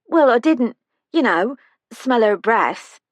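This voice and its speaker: A woman's voice: fairly high pitch, expressive, no echo, voice pushed up. Figure: woman playing a jittery young care-home aide. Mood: nervous, evasive. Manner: evasive, hurried, deferential.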